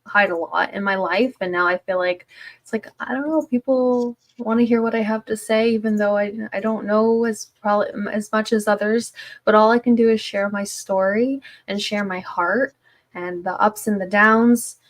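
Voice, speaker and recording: A woman's voice: mid-range voice, fairly even intonation, normal speed. A woman, a stay-at-home mom, sharing her story in a casual livestream chat, rambling with many fillers and restarts.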